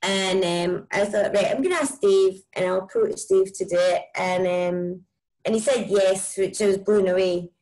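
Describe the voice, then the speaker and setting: A woman with a broad Scottish accent, a musician chatting casually and warmly about her music in an interview, with lots of "like" and "um". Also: mid-range voice, moderate pace, poor audio. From Scotland. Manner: chatty, enthusiastic, many likes and ums. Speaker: musician guest.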